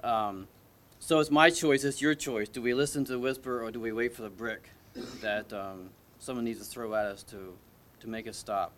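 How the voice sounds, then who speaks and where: A man preaches an informal sermon at normal speed, his medium-pitched voice a bit bright with fairly even intonation. He talks to the church congregation in a conversational, hesitant way, often restarting and asking them questions.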